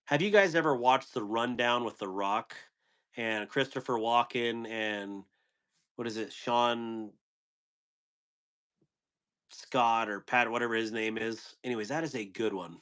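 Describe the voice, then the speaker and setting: A man of middle pitch hosts a relaxed live stream. He talks in a loose, rambling way and drops one corny dad joke after another for his viewers. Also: unhurried, long pauses. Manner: rambling, telling corny jokes. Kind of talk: casual live stream chat.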